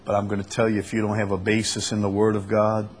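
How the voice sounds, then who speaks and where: A man's voice: on the low side, completely flat delivery, fast talker, slight background noise. A man leading a church Bible study, preaching emphatically with repeated phrases and rhetorical questions.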